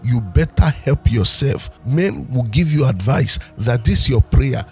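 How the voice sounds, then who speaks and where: Pastor, male, gravelly, fervent sermon over faint music. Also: mid-range voice, lively intonation, unhurried. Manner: fervent preaching, repeating and calling out prayers. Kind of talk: sermon with prayer.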